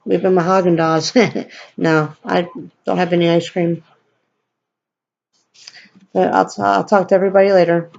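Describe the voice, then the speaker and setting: A woman's voice: lowish voice, flat delivery, a little slow, vocal fry, pauses often, darkish tone, highs cut off. A woman vlogger telling a personal story in a blunt, profane, rambling way.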